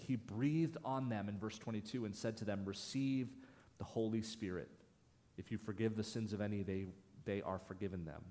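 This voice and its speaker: A man's voice: medium pitch, darkish tone. A man pastor giving an earnest, emphatic sermon, sometimes dropping to a near whisper. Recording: long hall reverb.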